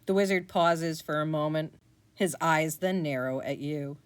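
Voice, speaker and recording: A woman narrating a choose-your-own-adventure story in second person, playful and animated. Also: low voice, a little slow, clear, resonant tone. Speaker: podcast narrator.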